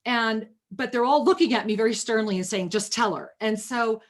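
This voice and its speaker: A woman's voice: on the high side, normal speed. A woman hosting a spiritual talk show, giving a caller a reading and calling her honey and sweetheart. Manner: warm, affectionate, calls caller honey. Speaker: host and spiritual reader.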